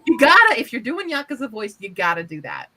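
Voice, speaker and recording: A woman in casual chat, an animated storyteller who swears freely and acts out quotes. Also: fairly high pitch, quick pace, rough recording.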